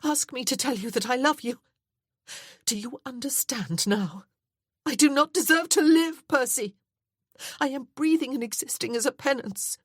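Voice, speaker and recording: A woman's voice: a little high, dry recording, clean studio sound, voice pushed up, natural voice. A woman voicing a guilt-ridden young widow, speaking with raised, breathless anguish.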